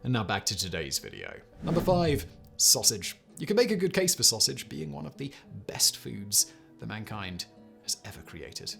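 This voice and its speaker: A man's voice: on the low side, huge pitch swings, normal speed, vocal fry, sharp tone, soft background music. A man giving scripted narration for a list video, with wry, dry asides. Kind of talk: scripted narration with a read sponsor ad.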